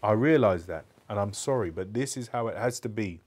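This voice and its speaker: A man's voice: on the low side, animated, fairly quick, darkish tone, husky. A man voicing a guarded young woman gamer in a live book reading, speaking firmly in a raised voice.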